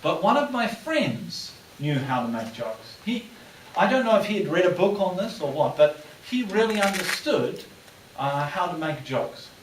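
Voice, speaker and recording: A man from New Zealand tells jokes to a lecture audience, lively and animated, acting out the characters' lines. His voice sits a little higher than most men's. The sound is roomy and distant, with a faint hiss under it. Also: normal speed. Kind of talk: storytelling in a lecture. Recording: echoey room, distant mic, faint hiss.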